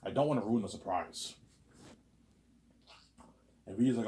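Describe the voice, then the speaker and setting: A man talking in a casual, rambling monologue, repeating words and restarting sentences, with loud excited bursts that drop to low mutters. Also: measured pace. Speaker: vlogger.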